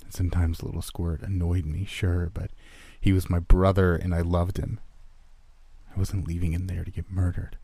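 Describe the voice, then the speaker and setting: A man reading a first-person horror story aloud in a low, steady, grim manner. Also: moderate pace, vocal fry, husky, no room sound.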